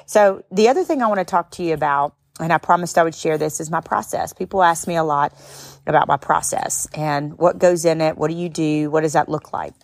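A middle-aged woman hosts a podcast and tells a heartfelt personal story, getting tearful and breaking into high exclamations. Her voice sits a little low. The sound is dry and close, with no room echo. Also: brisk. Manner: expressive, tearful at times, rising to high exclamations. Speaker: podcast host and speaker. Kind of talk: emotional storytelling monologue.

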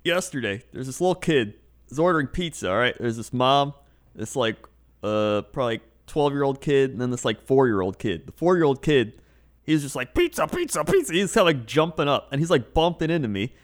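Male co-host, average pitch, relaxed anecdote-telling with playful impressions. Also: a little fast. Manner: storytelling with frequent laughs and put-on voices. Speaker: podcast co-host. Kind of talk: casual chat.

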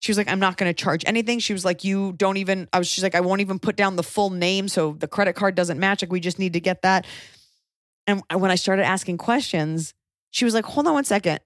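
A woman in her thirties telling a story in casual chat, animated and quick to swear as she acts out what others said. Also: mid-range voice, no room sound, studio quality. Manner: animated, acts out quotes, swears when angry.

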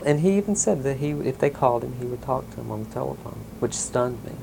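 Gravelly man telling his story. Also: medium pitch, lively intonation, fast, background noise. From Mississippi, US South. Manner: rambling, many ums, soft chuckles. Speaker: interviewee. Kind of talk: casual oral-history storytelling.

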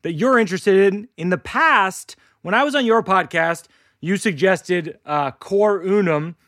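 High-pitched man in a dry room. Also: unhurried, a bit bright, dry recording. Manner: laughs often, self-deprecating. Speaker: podcast host. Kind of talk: casual chat.

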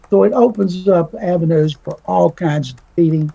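Gravelly man on a dull line. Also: high-pitched, moderate pace, mellow, no echo. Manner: folksy, acts out quoted voices in his story. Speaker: guest commentator. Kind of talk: casual radio talk.

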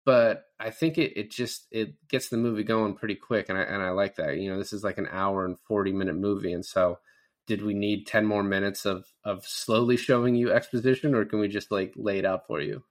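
Man in his 30s, somewhat low voice, rambling casual film chat. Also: steady tone, fairly quick. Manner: loose and rambling, many fillers and restarts. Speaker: podcast co-host. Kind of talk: casual movie review chat.

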